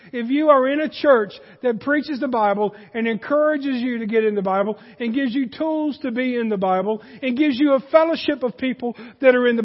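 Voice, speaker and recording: A man preaching a sermon in a folksy manner that rises to emphatic peaks, heard in a church sanctuary. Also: extremely high pitch. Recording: dull, hall reverb.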